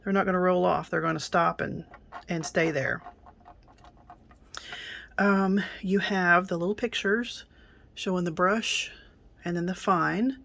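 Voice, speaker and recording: A middle-aged woman reviewing and unboxing a craft kit in a casual, chatty way, with many ums and soft asides. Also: lowish voice, a little slow, gravelly, long pauses.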